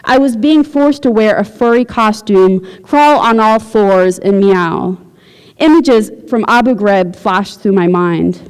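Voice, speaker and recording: A woman, a visiting writer, reading her fiction aloud at a university event in a steady, measured way. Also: medium pitch, clear, resonant tone. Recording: long hall reverb.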